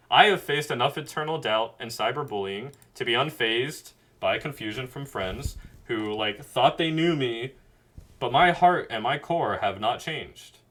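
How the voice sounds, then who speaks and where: A man's voice: medium pitch, bright, forceful tone. A man streaming a casual, earnest and rambling monologue, reflecting on himself at his computer mic. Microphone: webcam mic at a computer.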